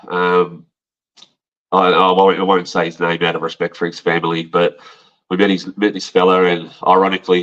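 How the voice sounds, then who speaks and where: A man's voice: low-pitched, a bit bright, highs cut off. An Australian man telling his own story on a podcast in a frank, rambling way, swearing and calling the listener mate. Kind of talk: casual storytelling.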